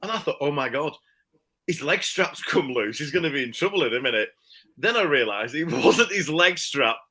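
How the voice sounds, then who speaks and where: A man telling a casual anecdote, animated and laughing as he acts out the people he quotes. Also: fairly high pitch, normal speed, low-quality recording. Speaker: storyteller.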